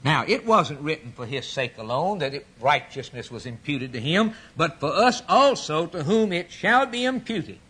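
A man delivers an emphatic sermon in a slightly raised, husky voice. He retells scripture dramatically and drives his points home through repetition. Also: a little high, sing-song, normal speed, hardly any pauses, sharp tone. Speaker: preacher.

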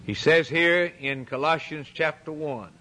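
Man preaching hard, kinda high voice, repeats lines for punch. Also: measured pace, pushed and bright. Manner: dramatic retelling, emphatic repetition. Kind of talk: sermon.

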